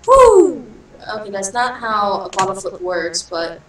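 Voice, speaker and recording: A woman giving casual gameplay commentary as a channel host, excitable and self-mocking, with quick outbursts. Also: medium pitch.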